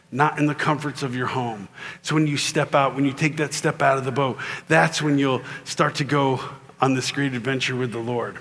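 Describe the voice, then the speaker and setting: A middle-aged man giving a humorous faith talk to a conference audience, acting out voices as he tells stories. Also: mid-range voice. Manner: animated storyteller who acts out voices. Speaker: keynote speaker. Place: conference hall in Louisiana.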